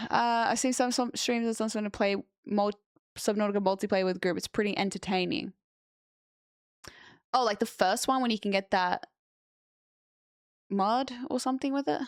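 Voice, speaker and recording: A woman's voice: mid-range voice, moderate pace, long pauses, clean tone, no echo. A young woman streamer chatting casually with her viewers and answering chat on a close mic.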